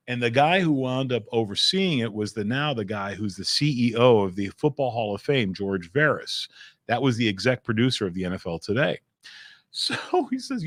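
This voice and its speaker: A middle-aged man, a comedian guest telling energetic stories in a small studio, laughing and swearing casually. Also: medium pitch, normal speed, no echo. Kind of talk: animated storytelling chat.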